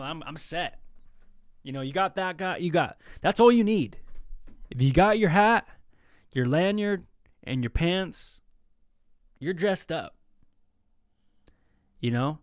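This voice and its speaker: A man's voice: medium pitch, clear, resonant tone, no room sound, clean studio sound. A young man hosting a podcast, telling joking stories in a casual solo talk and mimicking the people in them. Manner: joking, animated storytelling with mimicked voices. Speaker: podcast host.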